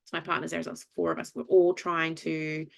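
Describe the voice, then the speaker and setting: A woman's voice: sits low, flat delivery, brisk, gravelly. A woman with an Australian accent, co-hosting a podcast and animatedly telling a story in casual chat, acting out the voices of people she quotes. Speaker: podcast co-host.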